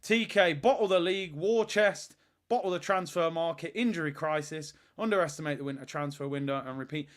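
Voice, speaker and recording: Ranting man, high voice. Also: a little fast. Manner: exasperated, ranting, sarcastic. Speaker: watch-along host. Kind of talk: live football watch-along rant.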